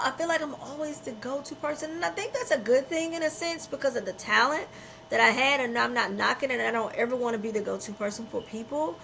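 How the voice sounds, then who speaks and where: A woman's voice: sits high, vocal fry, a bit bright, a little hiss or hum, poor audio. A middle-aged woman hosting a podcast, talking in a candid, emphatic and unfiltered way, often repeating herself for weight. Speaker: podcast host.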